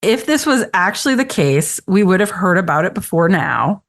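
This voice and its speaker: Animated, incredulous woman on a podcast. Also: on the low side, moderate pace. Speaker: podcast panelist. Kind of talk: casual podcast chat.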